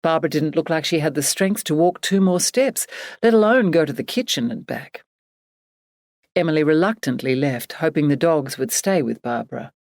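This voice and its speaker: A woman reading a novel aloud in measured, even narration. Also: sits low, dry recording, clean studio sound. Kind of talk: scripted audiobook narration.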